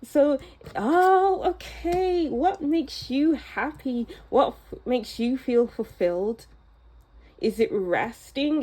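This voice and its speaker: A woman giving a pick-a-card tarot reading in a soft, musing, unhurried way that often sinks to a low near-whisper. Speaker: tarot reader.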